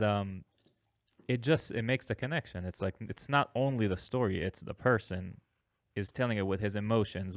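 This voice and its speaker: A podcast host chats casually and earnestly, hesitating a lot and laughing frequently. His voice is fairly low, recorded with clean studio sound and no room sound.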